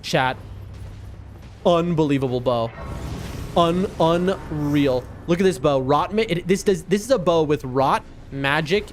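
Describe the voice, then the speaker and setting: A man's voice: fairly high pitch, a little slow, faint music behind. Chatty man streaming a game. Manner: rambling, chatty storytelling with frequent laughs and restarts. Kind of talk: casual live-stream gameplay commentary.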